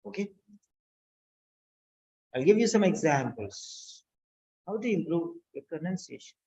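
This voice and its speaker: Brief: unhurried teacher drilling phrases, animated pitch, muffled sound. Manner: slow, deliberate, repeats key words. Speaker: language teacher. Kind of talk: instructional lesson. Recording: dull lo-fi recording.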